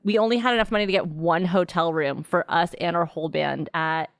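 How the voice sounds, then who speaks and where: A young woman from Los Angeles, a guest musician, telling a story in casual chat, animated and full of "like" fillers. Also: fairly low pitch, brisk, creaky, no echo, clean studio sound. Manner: animated, frequent "like" fillers, acts out quotes.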